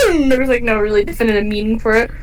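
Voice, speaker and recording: A woman's voice: fairly high pitch, quick pace, over music, poor audio. A woman co-hosting a podcast in casual chat, giggling often and reading rhyme lyrics aloud. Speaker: podcast co-host.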